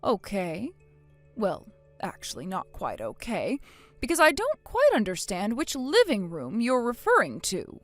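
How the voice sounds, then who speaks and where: Older grandmother voiced by a woman, shrewd, calm, lively pitch, faint music behind. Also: measured pace, no echo. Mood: icy. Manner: soothing with a child, cutting with her son-in-law.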